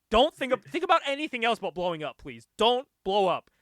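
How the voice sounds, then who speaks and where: A man's voice: very high voice, sing-song, a bit bright, no room sound, studio quality, voice pushed up, exaggerated voice. A man voicing a panicky little rat-like male gremlin villain from a comic, pleading frantically. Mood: panicked. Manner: pleading, frantic, rapid-fire.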